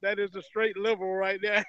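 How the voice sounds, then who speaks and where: High pitched guy laughing and joking around, dull dry lo-fi sound. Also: flat delivery, normal speed, a bit bright, clean tone, no echo. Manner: loose and laughing, joking with his brother. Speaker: guest on a discussion call. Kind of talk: casual chat.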